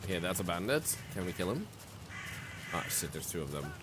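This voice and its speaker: A man streaming a game, giving an excitable, jokey running commentary with frequent swearing. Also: deep voice, fairly quick, background noise. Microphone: streaming mic.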